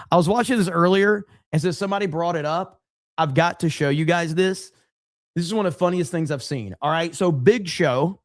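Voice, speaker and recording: A man's voice: a little high, dry recording, clean studio sound. A man hosting a casual livestream podcast, laid back and chatty, reading out viewer comments with plenty of fillers. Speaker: podcast host.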